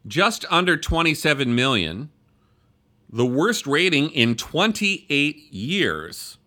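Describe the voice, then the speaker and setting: Bright-voiced sarcastic podcast host man. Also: on the high side, big pitch swings, slow pace. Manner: sarcastic, self-described loudmouth. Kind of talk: opinion podcast commentary.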